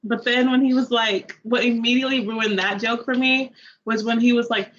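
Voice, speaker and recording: A woman's voice: a little high, fairly even intonation, fairly quick, a bit bright, muffled recording, a little hiss or hum. A young woman on a review panel, chatting casually about a movie, rambling with lots of "like" fillers and acting out her own reactions. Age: young adult.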